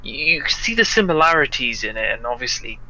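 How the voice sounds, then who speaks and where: Bright-voiced Welsh man chatting. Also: medium pitch, expressive, moderate pace, poor audio. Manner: joking, rambling with restarts. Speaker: guest on a livestream. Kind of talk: casual chat.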